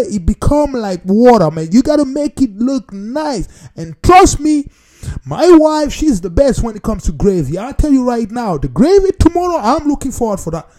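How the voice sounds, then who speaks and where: Animated, lively-voiced man chatting to viewers. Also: sits high, normal speed. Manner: animated, playful, addresses viewers as "people"; non-standard grammar, repeats phrases for emphasis. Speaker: vlogger. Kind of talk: casual talk to camera.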